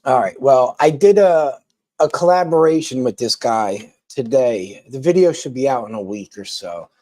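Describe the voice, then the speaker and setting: A man's voice: medium pitch, expressive, moderate pace, a little mellow, no echo. A man chatting casually with viewers on a live stream, rambling with lots of ums and restarts.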